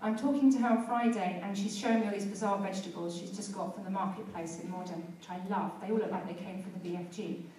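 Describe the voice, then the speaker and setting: A woman's voice: mid-range voice, fairly even intonation, fast talker, few pauses, noisy background. A woman preacher giving a sermon and prayer, telling stories in a conversational way and building to fervent exhortation. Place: church hall. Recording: very echoey church hall, heard from a distance.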